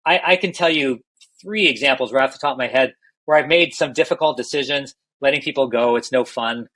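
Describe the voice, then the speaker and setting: A man's voice: medium pitch, a little fast, fairly bright tone, poor audio. A middle-aged man, a healthcare executive, candidly telling stories in a podcast interview and often restarting his phrases.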